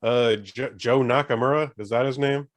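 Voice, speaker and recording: Male podcast co-host, mid pitch, blunt emphatic ranting style. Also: fairly even intonation, moderate pace. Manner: blunt, swearing, emphatic rants. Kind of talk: casual chat.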